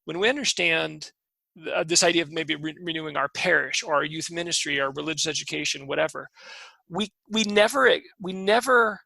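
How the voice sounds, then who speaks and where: A man with a high, strongly gravelly voice that has a bright, forceful edge. He co-hosts a casual faith discussion and talks earnestly and eagerly. He often breaks off and restarts his sentences, and the sound is dry and close. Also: no room sound, rough recording. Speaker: podcast co-host.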